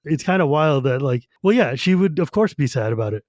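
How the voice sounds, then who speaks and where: A man co-hosting a casual book podcast, animated and quick to laugh while retelling scenes. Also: on the high side, no room sound. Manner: animated, laughs often, reads quotes in voices. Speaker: podcast co-host.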